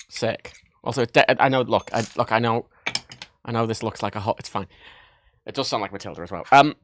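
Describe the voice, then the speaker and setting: Excitable man rambling on stream. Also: medium pitch, brisk. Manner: excitable, joking, rambling show-and-tell. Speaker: livestream host. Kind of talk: casual livestream chat. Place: home desk setup.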